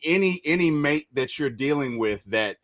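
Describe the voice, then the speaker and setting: Animated storyteller man, lively voice. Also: fairly high pitch, moderate pace, no echo. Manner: animated storyteller, laughs and shouts when excited. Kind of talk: casual chat.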